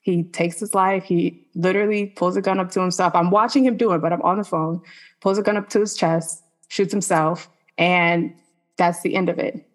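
A woman with a somewhat low voice tells a personal faith testimony in a podcast interview. She talks earnestly and conversationally, with frequent "like" fillers. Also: steady tone, moderate pace. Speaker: podcast guest.

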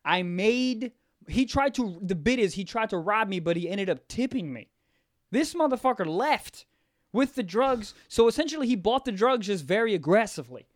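This young podcast co-host is an animated storyteller with a high-pitched voice and a moderate pace, laughing a lot and performing the quotes he relays in a casual chat. The audio is a clean studio recording without any room sound.

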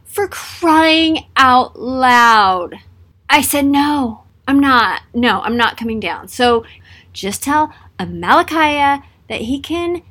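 A stubborn male army leader, fed up and refusing flatly, as a woman plays him. His lines come out exasperated and a bit loud, pitched fairly high. The telling stays casual. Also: drawn-out words, pauses often, husky, exaggerated voice.

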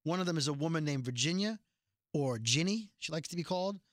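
A man's voice: on the high side, lively intonation, fast talker, dry recording, clean studio sound. A man casually recapping a TV episode as a podcast host, chatty and joking, with rambling asides. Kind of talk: casual chat.

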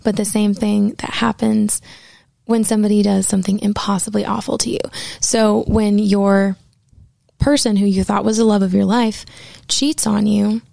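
A woman's voice: mid-range voice, little pitch movement, moderate pace, gravelly, warm tone, dry recording. A woman in her twenties telling a candid, profane personal story and acting out the quotes.

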